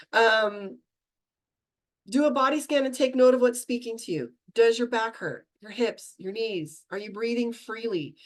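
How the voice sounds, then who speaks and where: A middle-aged woman teaching a meditation class, talking fast and chatty and laughing at herself. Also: a little high.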